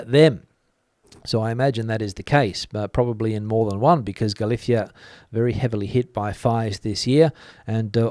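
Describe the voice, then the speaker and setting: A man hosting a news channel from Spain, reading out viewer comments and musing on them in a relaxed way with many fillers. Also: mid-range voice, clear, resonant tone, dry recording, clean studio sound. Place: lives in Spain.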